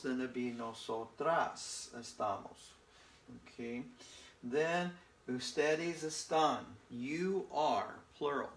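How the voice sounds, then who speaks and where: A man teaches a beginner Spanish class at an unhurried, deliberate pace. He repeats each word and keeps asking "okay?" to check that his students follow. His voice echoes around the room. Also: mid-range voice, a bit bright. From northern United States. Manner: slow and repetitive, checking in with "okay?". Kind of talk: slow, patient classroom lesson.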